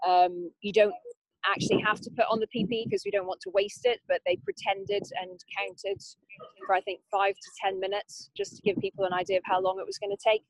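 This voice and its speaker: Brisk woman with a creaky voice. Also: mid-range voice, sing-song, dry recording, poor audio. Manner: brisk and directive, with many ums. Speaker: clinical team lead. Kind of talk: staff briefing over a call.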